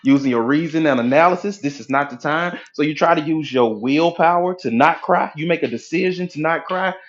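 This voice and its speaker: A man coaching on mindset, lecturing at a whiteboard in an animated way and acting out inner voices with casual profanity. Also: fairly high pitch, brisk, lo-fi sound. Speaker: hypnotherapy coach.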